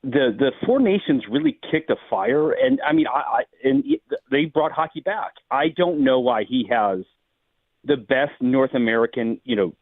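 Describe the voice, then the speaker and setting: A man's voice: medium pitch, big pitch swings, normal speed, gravelly, no room sound. Man on a tinny phone-like line. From St. Louis. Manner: musing, hedging analysis. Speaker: sports radio host. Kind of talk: sports talk radio commentary.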